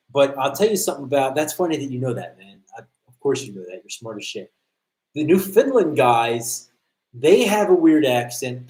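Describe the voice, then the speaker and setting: An American combatives trainer hosts a casual livestream, chatting and telling stories bluntly and with plenty of profanity. His mid-range voice has a darkish tone, and the room gives it an echo.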